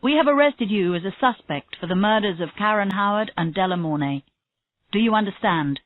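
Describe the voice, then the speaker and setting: A woman reading a calm, persistent female detective. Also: medium pitch, fairly quick, no echo, close to an everyday voice. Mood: probing. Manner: steady, pressing questions. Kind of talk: reading a graded story aloud. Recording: tinny phone-like audio, dry.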